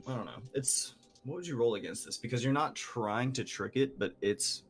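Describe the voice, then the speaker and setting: A man narrating as game master of a tabletop game, slow and rambling with many fillers. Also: mid-range voice, a little hiss or hum.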